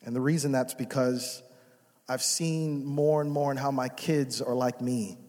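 A young adult man preaching a sermon as a pastor, moving from soft prayer to loud exhortation. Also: medium pitch, fairly even intonation, measured pace. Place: church sanctuary. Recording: reverberant church hall.

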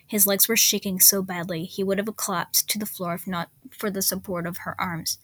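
A woman reading a story aloud in steady narration, with occasional slips. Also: mid-range voice, normal speed, few pauses. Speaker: story reader. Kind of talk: reading fan fiction aloud.

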